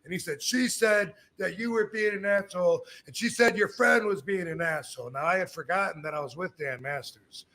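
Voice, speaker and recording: A man's voice: sits high, fairly quick, few pauses. A middle-aged man hosting a podcast, telling a story in casual talk and acting out what others said. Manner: animated, acts out quoted dialogue, frequent restarts. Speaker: podcast host.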